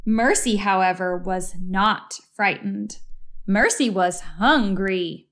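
A woman reading a children's storybook aloud in a slow, expressive, deliberate way. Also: medium pitch. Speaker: story reader.

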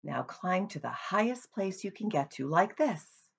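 A woman voicing a calm, patient female spider in a storybook reading. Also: lowish voice, a little slow, creaky, husky, pitched above the performer's own voice, exaggerated voice. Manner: calm, patient, gently instructive.

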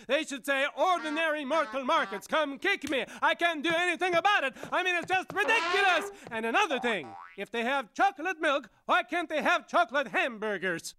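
A man voicing an excitable Swedish comedian who rants indignantly about everyday things, with a Swedish accent. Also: very high-pitched, a little hiss or hum, exaggerated voice. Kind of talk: cartoon voice acting.

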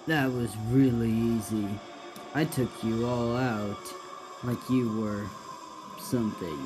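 A man voicing a boastful cloaked male villain who shouts taunts and threats. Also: mid-range voice, takes it slowly, music in the background, natural voice. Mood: gloating.

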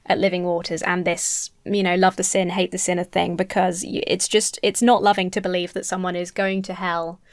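A woman's voice: fairly low pitch, flat delivery, a little fast, hardly any pauses, no room sound. A young woman from the UK giving blunt, sarcastic commentary to her viewers, swearing and laughing often. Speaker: video commentator. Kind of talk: casual commentary to camera.

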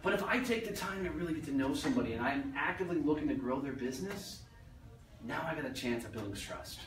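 A man with a fairly high, expressive voice talks fast as he gives a blunt, joking motivational talk to a business crowd, swearing casually. Recorded in a meeting room from a distance, it carries roomy echo and slight background noise.

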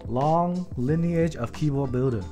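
A man giving casual, joking livestream commentary as he builds a keyboard, excitable and swearing often while talking to his viewers. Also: a little high, measured pace, music in the background. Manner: excitable, profane, joking, talks to chat.

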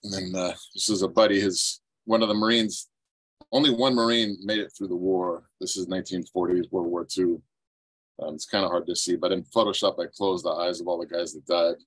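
A very deep-voiced man from the United States, in his fifties, speaks earnestly and haltingly, his emotion close to the surface. He is presenting over a video call, and the sound is dry and close, with no room echo. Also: steady tone, a bit bright. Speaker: presenting ceramic artist, veteran. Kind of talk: webinar presentation. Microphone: computer mic on video call.

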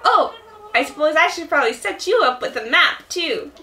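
A woman's voice: high-pitched, animated, sharp tone, a little hiss or hum, pitched above the performer's own voice. A woman doing Tom Nook with a Southern drawl. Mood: cheerful. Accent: Southern US, put on. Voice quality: slow, salesman-like drawl with "yes, yes". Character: smooth-talking male raccoon businessman with a put-on Southern drawl.

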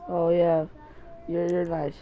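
A gamer provides solo commentary while playing, excitable yet muttering and cursing at the game. His voice is a little high and he takes it slowly, with dull audio.

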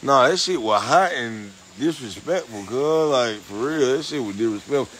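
A man joking around with his partner at a pool at night, cursing and complaining loudly. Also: mid-range voice, moderate pace, poor audio. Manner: profane, animated, indignant. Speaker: vlogger. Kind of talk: casual banter.

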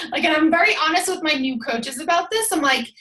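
A woman coaching her team over a call, energetic and emphatic, chatty with lots of "like"s. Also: sits high, fairly quick, roomy sound. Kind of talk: motivational team call talk. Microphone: call audio.

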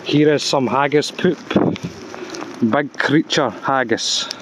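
A man, a tour guide giving deadpan mock-documentary narration in short clipped phrases, out in a woodland. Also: medium pitch, slow. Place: woodland outdoors. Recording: outdoor noise behind the voice.

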